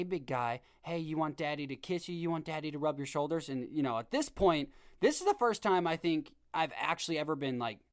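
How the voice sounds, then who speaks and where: A man in his twenties hosting a podcast, telling a story in a casual, rambling, animated way with many restarts. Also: medium pitch. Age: 20s. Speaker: podcast host.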